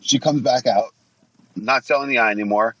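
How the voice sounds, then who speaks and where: In a casual storytelling interview, this podcast guest, a man in his forties who used to wrestle, tells rambling, profane, blunt tales. He speaks at a moderate pace in a mid-range, slightly bright voice, captured in a dry, lo-fi recording.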